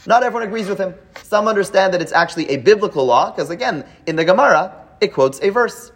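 A man's voice: high-pitched, expressive, fast talker, husky. A man teaching a live class, explaining at length with many fillers, restarts and rhetorical checks to his students. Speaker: teacher leading a Talmud class.

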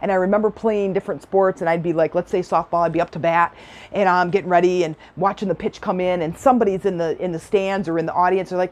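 A woman's voice: lowish voice, steady tone, quick pace, darkish tone. Middle-aged woman, self-help speaker, chatty and enthusiastic, laughs easily. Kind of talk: personal storytelling talk.

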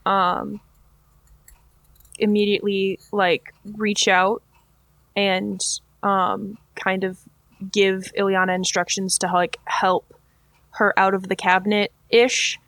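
A woman's voice: medium pitch, flat delivery, slow, a bit bright, dry recording. A woman playing a tabletop game, speaking casually and hesitantly with many fillers. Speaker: player.

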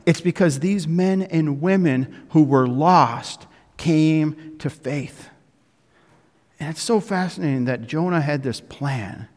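A pastor giving a sermon to his congregation, building emphasis with frequent pauses. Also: a little high. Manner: preaching with rising emphasis and pauses, addressing the congregation. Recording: echoey hall with long reverb.

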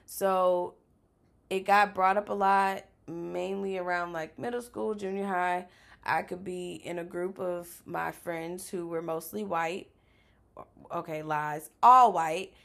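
A woman from South Louisiana hosting a podcast in casual chat, candid and quick to laugh, swearing freely. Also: fairly low pitch, steady tone, gravelly, a bit bright. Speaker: podcast host.

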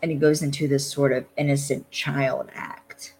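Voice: medium pitch, level tone, normal speed, a little mellow, a little hiss or hum, poor audio. A podcast host casually recapping a TV episode, loose and rambling with lots of "like" and some blunt swearing.

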